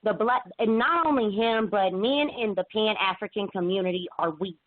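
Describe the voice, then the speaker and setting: A woman calling in to a talk show, telling her account haltingly with many restarts and fillers. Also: mid-range voice, lively intonation, no echo. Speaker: caller. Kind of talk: emotional call-in account. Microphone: phone. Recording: tinny phone line.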